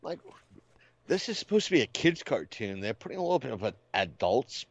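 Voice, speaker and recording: A man's voice: mid-range voice, big pitch swings, a little fast, no room sound, highs cut off. A man co-hosting a podcast, joking and laughing through a casual recap chat. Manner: jokey, laughs often. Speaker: podcast co-host.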